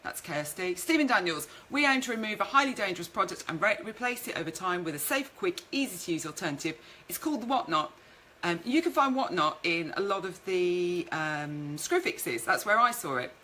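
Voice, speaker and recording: A woman's voice: fairly low pitch, expressive, fairly quick, hardly any pauses, sharp tone, a little hiss or hum, low-quality recording. A woman hosting a live-streamed business talk, chatty, reading out viewer comments and telling stories from her career. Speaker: networking show host and speaker.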